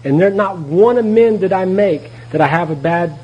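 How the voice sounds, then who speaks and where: A man's voice: high-pitched, lively intonation, normal speed, a little mellow, husky, muffled recording. A man giving a candid, folksy talk at a recovery meeting, telling his story with laughs along the way. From Texas. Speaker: AA meeting speaker. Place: meeting room.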